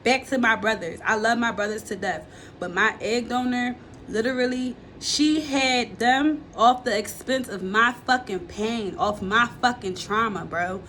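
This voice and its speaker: A young woman recounts her story directly to her viewers, blunt and unfiltered, swearing freely. Her voice sits a little high and sounds bright and forceful. There is a faint hiss behind her. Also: unhurried. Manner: blunt and profane, talking straight to viewers. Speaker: vlogger telling her life story. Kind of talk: candid confessional storytelling to camera.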